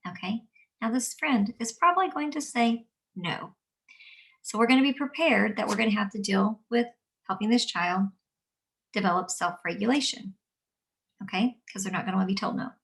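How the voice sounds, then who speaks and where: A woman who teaches young children, explaining calmly and gently and acting out what she says to kids. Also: medium pitch, vocal fry, far from the mic. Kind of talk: instructional talk. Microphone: camera mic at a distance.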